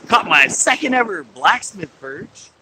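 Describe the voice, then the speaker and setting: A man's voice: sits high, big pitch swings, unhurried, sharp tone, a little hiss or hum, low-quality recording. A man chatting casually to viewers of his live stream while fishing outdoors on a pier, laughing and talking back at sea lions. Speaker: angler livestreaming from a pier.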